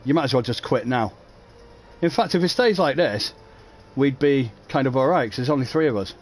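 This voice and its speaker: A man's voice: medium pitch, animated, brisk. A man chatting casually on a racing livestream, rambling and making self-mocking jokes. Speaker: race streamer, commentator.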